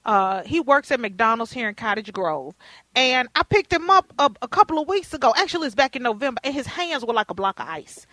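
A woman's voice: high-pitched, fairly quick, no room sound, rough recording. A middle-aged woman hosting a radio talk show, telling stories with playful emphasis. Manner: animated storyteller, playful and emphatic. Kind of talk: casual interview chat.

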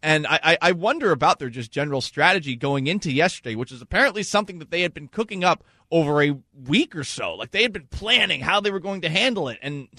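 A man's voice: a little high, lively intonation, quick pace, hardly any pauses, pushed and bright, dry recording, clean studio sound. A male co-host musing aloud in casual sports talk.

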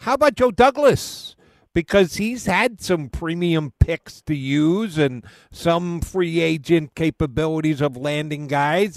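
Radio host guy with a gravelly voice, dry studio mic, asks long rambling questions. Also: on the high side, no echo. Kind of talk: sports radio interview.

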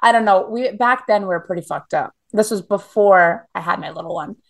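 A woman's voice: mid-range voice, fairly quick. A woman in her thirties from Canada, telling blunt, profane stories in a casual interview with lots of "like" fillers. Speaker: guest.

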